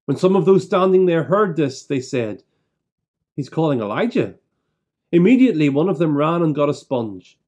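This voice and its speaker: A man serving as a church minister, leading prayers and reading scripture aloud in a measured, solemn way with deliberate pauses. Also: on the high side, very animated, a little mellow.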